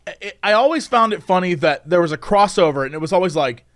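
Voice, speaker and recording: A man's voice: sits high, lively intonation, quick pace. A man co-hosting a podcast in casual chat, making wry, sarcastic asides. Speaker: podcast co-host.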